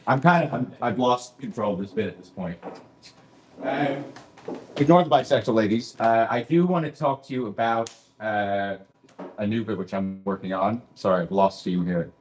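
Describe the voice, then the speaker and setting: A man's voice: lowish voice, normal speed, echoey room, slight background noise. A man doing a stand-up set in a comedy club, self-deprecating and rambling into asides, with a Canadian accent.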